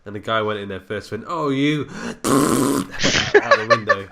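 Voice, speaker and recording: A man's voice: fairly low pitch, wildly swooping pitch, measured pace, gravelly, a crowd in the background. A man co-hosting a podcast, chatting casually and rambling about a film, laughing often. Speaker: podcast co-host.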